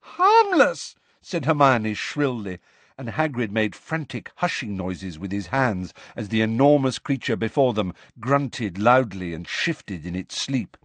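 Give me an expressive male audiobook narrator, lively pitch, dry close sound. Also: unhurried, no echo. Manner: expressive storytelling. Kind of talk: scripted narration.

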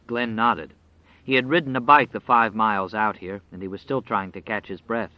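A man narrating an audiobook in a measured, dramatic storytelling manner. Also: fairly low pitch, steady tone, no room sound. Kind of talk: scripted narration. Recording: dry, slightly dull recording.

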